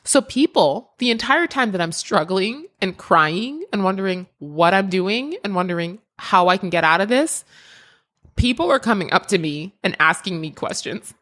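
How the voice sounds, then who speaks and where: A woman hosting a solo podcast, telling a story in an animated way with laughter and big jumps in pitch. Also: moderate pace. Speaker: podcast host and creativity mentor.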